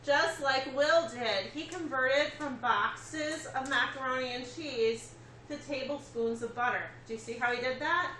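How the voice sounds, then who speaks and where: High-voiced woman teaching chemistry. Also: unhurried, sharp tone, a little hiss or hum. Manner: explains step by step, checks in with students. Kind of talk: classroom lecture. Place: classroom. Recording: echoey classroom with faint ambience.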